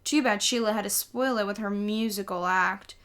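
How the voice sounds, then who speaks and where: A woman reading a children's novel aloud in a lively storytelling way. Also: mid-range voice, moderate pace, clear, resonant tone. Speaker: audiobook reader.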